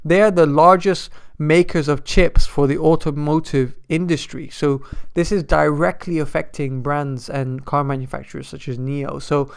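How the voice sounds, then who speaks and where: A man talking casually on a stock market livestream, his voice pitched a little high with a gravelly edge. He rambles and restarts phrases as he reacts to viewer comments. The tone underneath is clear and smooth. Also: fairly even intonation, normal speed. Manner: chatty, loose and rambling, often restarts phrases while answering viewer chat.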